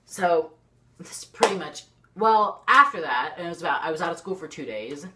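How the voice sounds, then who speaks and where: A teenage girl telling a storytime vlog to her camera. She rambles excitedly and fills her talk with lots of "like". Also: fairly low pitch, normal speed, slight background noise. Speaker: YouTuber. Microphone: camera facing the speaker.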